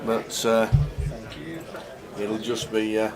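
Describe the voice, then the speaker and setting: A man's voice: on the low side, monotone, slow pace. A man commentating live poker in a chatty, upbeat way, reading out chip counts. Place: poker tournament room. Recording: noisy poker room crowd behind.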